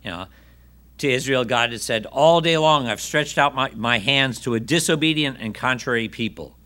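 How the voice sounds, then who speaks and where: A man delivering a sermon in a bright, forceful voice. He reads scripture aloud and acts out the voices in it. He turns often to his listeners with questions. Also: medium pitch, moderate pace. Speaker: preacher.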